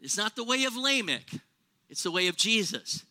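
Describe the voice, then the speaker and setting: A man's voice: high voice, very animated, moderate pace, bright, forceful tone. A man preaching a sermon in a conversational way, asking rhetorical questions and exaggerating for humor. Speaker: pastor.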